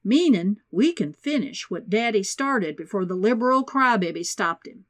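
A woman's voice: medium pitch, lively intonation, normal speed, a bit bright, natural voice. A woman reading the lines of a brash, petty male president who blusters and boasts. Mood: resentful.

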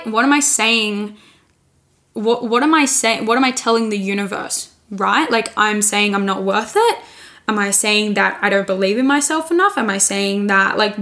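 Speaking alone on her podcast, this coach in her twenties is earnest and open, frequently starting sentences over and leaning on "like." Her voice sits in the mid range with a fairly bright tone.

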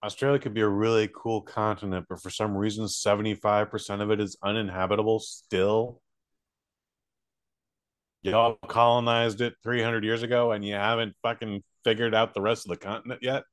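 A man co-hosting a comedy podcast, telling crude stories with excitable, profane outbursts. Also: lowish voice, moderate pace, no room sound, clean studio sound. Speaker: podcast co-host.

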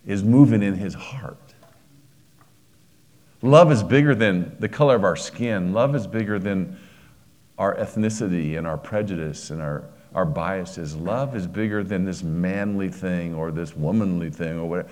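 A man's voice: deep voice, lively intonation, a little fast, darkish tone. A middle-aged man preaching a sermon, telling a personal story with emotion and frequent restarts.

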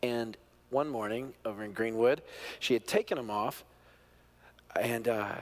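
A middle-aged male pastor preaching a sermon, telling a family story, moving from hushed, quiet moments to loud, excited peaks. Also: mid-range voice, a little slow. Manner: animated storyteller, swings from hushed to near-shouting.

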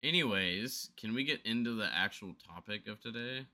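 A man's voice: on the low side, moderate pace, pushed and bright. A young man co-hosting a casual podcast, reading out questions and steering the chat back on topic. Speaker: podcast co-host.

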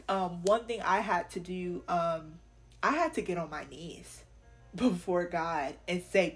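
A woman's voice: on the low side, unhurried. A young woman hosting a faith podcast, talking candidly and earnestly in casual slang, sometimes laughing. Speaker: podcast host.

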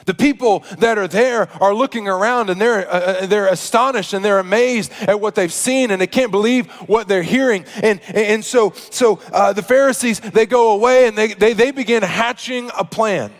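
A man preaching a sermon, telling a story that moves between hushed asides and loud, emphatic preaching. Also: high-pitched, moderate pace, hardly any pauses, long reverb tail. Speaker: pastor.

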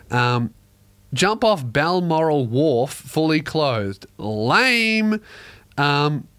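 A man's voice: mid-range voice, fairly bright tone. A young Australian man hosting a podcast, ranting in a sarcastic, profane comedic style. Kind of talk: comedic rant.

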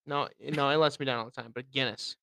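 A man co-hosting a podcast in casual chat, profane and teasing, laughing loudly. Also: mid-range voice, fairly even intonation, quick pace, gravelly, dry recording. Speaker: podcast co-host.

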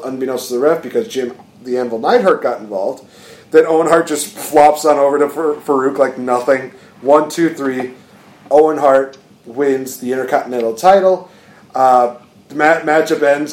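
A man co-hosting a podcast, recapping wrestling in casual chat, animated and laughing as he acts out quotes. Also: on the high side, reverberant, low-quality recording. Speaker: podcast co-host.

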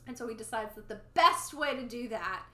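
A woman co-hosting a podcast, chatting casually and arguing back about a movie. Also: on the high side. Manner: chatty, animated, quick to argue back. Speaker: podcast co-host. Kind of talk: casual chat reviewing a movie. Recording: echoey room with faint background noise.

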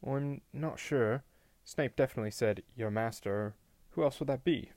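A man's voice: medium pitch, normal speed, darkish tone, no room sound, lightly acted. A man reading aloud and voicing a stubborn, suspicious teenage wizard who talks in an insistent, exasperated way. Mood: arguing.

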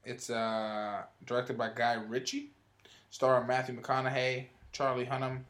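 A man's voice: mid-range voice, level tone, a little slow, a bit bright. A man hosting a casual movie talk show, leading segments with a teasing manner. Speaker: host. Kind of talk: casual chat.

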